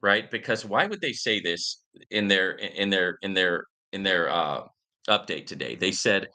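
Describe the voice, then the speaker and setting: A man's voice: sits low, animated, moderate pace, sharp tone. A man hosting a casual finance commentary show, talking in a rambling way with lots of fillers and addressing viewers as guys. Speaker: crypto investment show host. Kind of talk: casual live-stream commentary.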